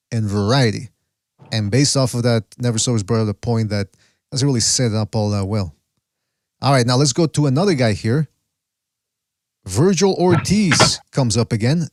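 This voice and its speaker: Rambling on a relaxed podcast, the male host stops to search for names and frequently restarts what he's saying. He has a mid-range voice, and the recording is dry, with no room sound.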